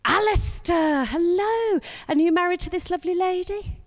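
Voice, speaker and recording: High-voiced woman, brash sweary compere doing crowd work live. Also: brisk. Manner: brash, sweary, teasing the audience. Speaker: comedy compere. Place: live comedy venue before an audience.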